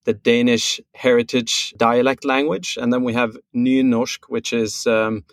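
A man from Norway with a Norwegian accent, a guest on a podcast who explains things in a measured way with many pauses and restarts. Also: medium pitch, steady tone, dry recording. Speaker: guest, brand co-founder. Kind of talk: casual podcast interview.

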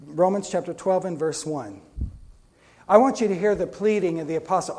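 A man preaching a Pentecostal sermon as pastor, energetic, with frequent restarts and repeated words. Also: high-pitched, normal speed.

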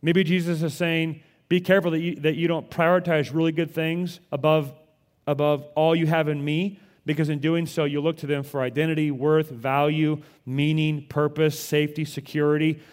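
A male pastor preaching a conversational sermon with animated delivery, often repeating words as he goes. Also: fairly high pitch, moderate pace.

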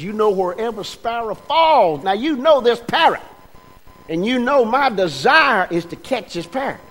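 An older man preaches in a homespun, storytelling way. His voice sits high for a man and keeps drawing the congregation in with questions. Soft music plays quietly behind him. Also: animated, normal speed. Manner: folksy, chatty, asks the congregation questions. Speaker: pastor. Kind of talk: folksy storytelling sermon. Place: church sanctuary.

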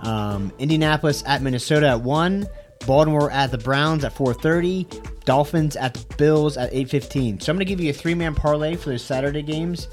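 A man's voice: fairly high pitch, a little fast, faint music behind. Male podcast co-host, jokey and teasing, betting talk. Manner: joking, teasing. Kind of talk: casual sports betting chat.

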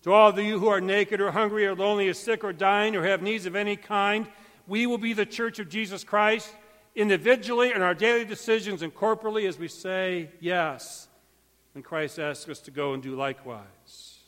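A man preaching a sermon as pastor, emphatic and swinging between loud calls and hushed, quiet stretches. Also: high-pitched, steady tone, normal speed. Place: church sanctuary. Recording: long church hall reverb.

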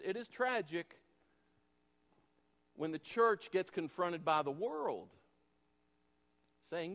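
High-ish voiced pastor guy preaching, lots of rhetorical questions, loud then hushed, big churchy reverb. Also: expressive, takes it slowly, pauses often. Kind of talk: sermon. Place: church sanctuary. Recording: long reverb of a large church hall.

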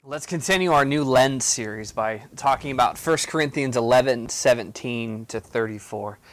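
A man's voice: mid-range voice, moderate pace, soft background music. A man giving a casual, explanatory Bible teaching on a podcast, with frequent fillers and restarts. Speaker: campus ministry podcast teacher.

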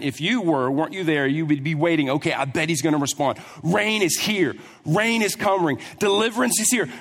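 A man preaching a sermon, telling a Bible story with lively asides and acting out the characters. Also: fairly high pitch. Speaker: pastor. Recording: long hall reverb.

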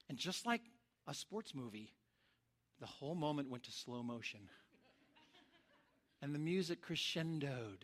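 A man delivers a sermon in a high, bright voice. He tells his stories with animated energy and acts out the lines of the people in them. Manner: animated storyteller, acts out shouts and quotes. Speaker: pastor. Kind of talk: sermon with storytelling.

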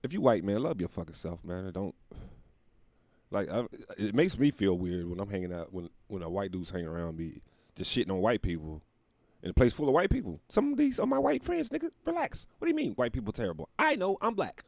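Laid-back low-voiced man telling stories. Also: very animated, a little fast, gravelly, a little mellow, no room sound. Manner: loose, profane, laughing storyteller. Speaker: podcast host. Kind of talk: casual comedic storytelling monologue. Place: at home.

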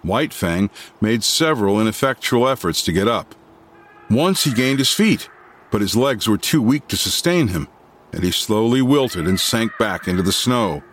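Man with expressive storytelling. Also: lowish voice, moderate pace, a little hiss or hum. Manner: expressive, dramatic reading. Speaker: audiobook narrator. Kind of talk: reading a classic novel aloud.

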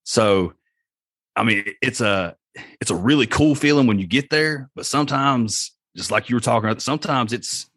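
A man on a podcast talking in a thoughtful, reflective and measured way. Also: mid-range voice, a bit bright, no room sound, studio quality. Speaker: podcast guest. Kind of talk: casual podcast chat.

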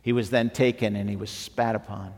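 A man preaching a sermon as pastor, slow and emphatic, rising at times to near shouting. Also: fairly low pitch, little pitch movement. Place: church sanctuary. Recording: long hall reverb, faint music behind.

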